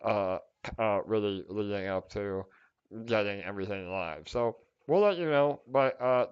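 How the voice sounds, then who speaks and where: A man's voice: medium pitch, clean tone, dull audio. A man hosting a casual livestream Q&A for his project's community, talking in a chatty, reassuring way with lots of fillers and restarts. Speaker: project team host answering community questions. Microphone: online call microphone with glitchy audio.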